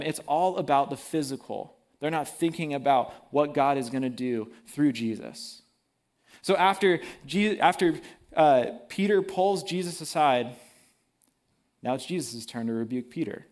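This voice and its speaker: A man preaching a sermon in a casual, animated way, using everyday slang. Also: a little high, unhurried.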